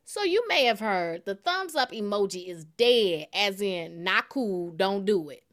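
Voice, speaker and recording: Over soft background music, a radio news host speaks at a measured pace in an animated, medium-pitched, slightly bright voice on a studio mic. She reads scripted pieces and banters happily through a word puzzle, laughing easily.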